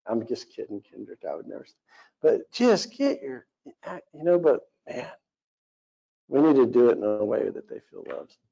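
A man's voice: lowish voice, animated, fairly quick, creaky, warm tone, breathy edge. A man in his forties giving a conversational sermon as pastor, earnest and rambling with many fillers. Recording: dull lo-fi recording.

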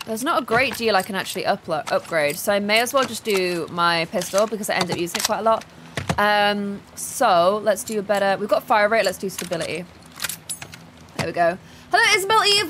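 A woman's voice: a little high, fairly bright tone, slight background noise. A woman streaming a game live, chatting casually, reading in-game notes aloud and greeting viewers in chat. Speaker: gaming streamer.

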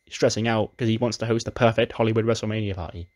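A man narrates a wrestling game story in a casual, chatty way. His voice sits low, and he retells events with animated energy. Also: rapid-fire. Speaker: let's play narrator.

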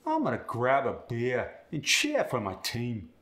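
A man's voice: mid-range voice, wildly swooping pitch, a little slow, pushed and bright, reverberant, heavily acted. A man voicing a cheeky Cockney Londoner, demonstrating example lines with tag questions in a broad put-on accent.

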